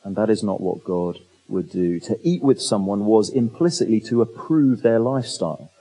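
A man's voice: fairly low pitch, expressive, normal speed, dark tone, husky, rough recording. A man preaching a conversational sermon, asking the listeners questions and adding humorous asides. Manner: conversational, asks rhetorical questions. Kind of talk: expository sermon.

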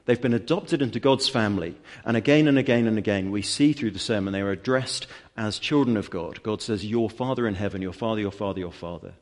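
A man's voice: lowish voice, fairly quick, hardly any pauses. A man preaching a sermon to his church, explaining scripture earnestly with rhetorical questions and emphatic repetition.

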